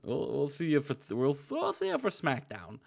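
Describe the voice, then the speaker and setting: A man's voice: fairly high pitch, wildly swooping pitch, normal speed, gravelly. A man co-hosting a casual wrestling game podcast, recapping matches in a joking, laid-back way. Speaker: podcast co-host. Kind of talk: casual chat.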